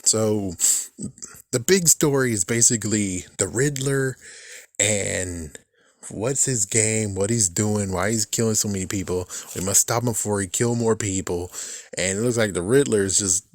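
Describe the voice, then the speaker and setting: A young man with a fairly low voice rambles about a film in an animated, casual way, cursing freely and laughing at his own jokes. The sound is dry and close, with no room echo. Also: measured pace. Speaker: movie commentary vlogger. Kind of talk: casual rambling movie talk.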